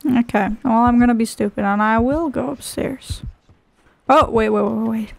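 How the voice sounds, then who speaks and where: A woman's voice: on the high side, moderate pace, vocal fry. A young woman commenting on a horror game as she plays, sarcastic and swearing often while talking to herself. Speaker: gaming video creator. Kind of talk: casual gameplay commentary.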